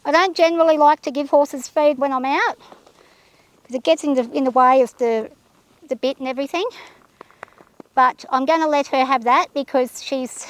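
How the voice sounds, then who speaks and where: A woman riding a horse outdoors, talking her nerves out loud and soothing her mount in a casual vlog. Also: sits high, moderate pace, no room sound. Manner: anxious, thinking aloud, soothing her horse. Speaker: horse rider vlogger. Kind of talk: casual narration while riding. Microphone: camera held by a companion.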